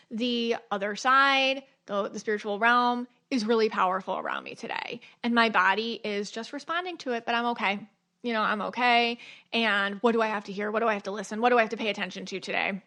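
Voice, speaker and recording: This woman's voice is fairly high, bright, and forceful, at a normal speed. As a middle-aged podcast host, she talks chattily through a casual spiritual monologue, full of "like" and "you know," dramatizing her inner questions.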